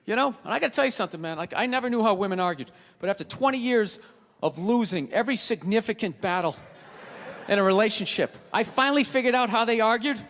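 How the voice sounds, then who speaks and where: A man doing a stand-up comedy routine, ranting and swearing in loud bursts before a live audience. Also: high-pitched, lively intonation, fast. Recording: live hall reverb with audience.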